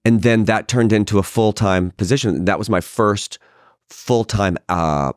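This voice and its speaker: A middle-aged male actor guesting on a podcast, telling stories in a lively, casual way and acting out what other people said. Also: on the low side, a little slow, dry recording, clean studio sound. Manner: animated storyteller who acts out quoted voices. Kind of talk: casual anecdotal storytelling. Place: podcast studio.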